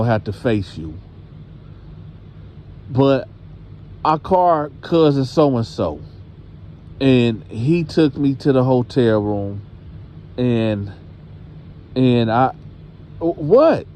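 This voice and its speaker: A man's voice: mid-range voice, slow pace, long pauses, a little mellow, a little hiss or hum, lightly acted. A man voicing a frightened teenage girl who stammers as she confesses to her grandmother. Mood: fearful. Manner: hesitant, stammering.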